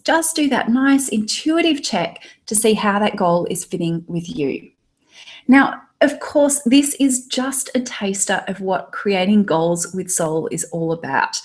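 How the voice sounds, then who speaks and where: A thirties-aged woman with an Australian accent and a mid-range voice runs a live online training for tarot readers. She reads viewers' chat comments aloud, sounding upbeat and encouraging.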